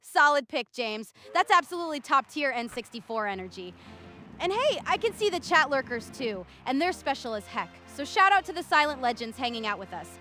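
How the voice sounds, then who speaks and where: Bubbly synthetic-sounding woman, high and bright. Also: sing-song, fairly quick, soft background music. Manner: bubbly, peppy, slightly scripted. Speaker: AI co-host reading chat. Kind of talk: upbeat stream chatter.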